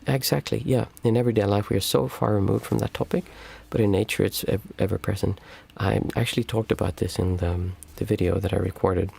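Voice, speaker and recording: A male meditation teacher talks through viewer questions on a live stream in a calm, reflective, halting way. His voice sits low with a heavy gravelly fry and a husky edge. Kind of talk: livestream Q&A talk.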